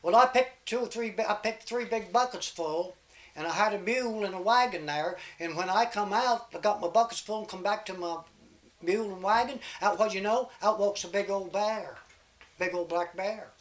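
A man's voice: high voice, moderate pace, fairly bright tone. An older man telling folk tales and tall tales in a rambling, folksy way. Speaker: storyteller.

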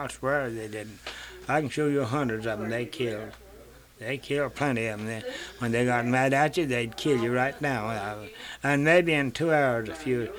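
An older man telling family stories in a rambling way, in rural dialect, repeating "he said" and swearing freely. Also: medium pitch. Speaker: interviewee. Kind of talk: rambling folk storytelling.

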